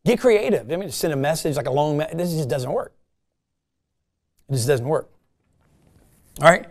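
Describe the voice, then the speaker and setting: A man with a fairly high voice leads a casual sales meeting. He coaches his team in an animated, conversational way and acts out short phone calls as examples. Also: moderate pace.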